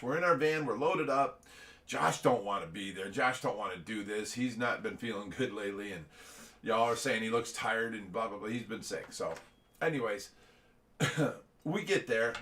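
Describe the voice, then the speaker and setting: A man's voice: medium pitch, fairly bright tone. A man co-hosting a casual livestream, telling a story with lots of laughter and acted-out quotes. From Ohio. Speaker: livestream co-host.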